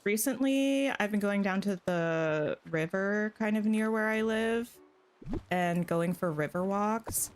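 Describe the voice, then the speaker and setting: A woman's voice: medium pitch, slow pace, clean tone. A woman streaming a video game, chatting casually and thinking aloud as she plays. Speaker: gaming streamer. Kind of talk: casual gameplay chat.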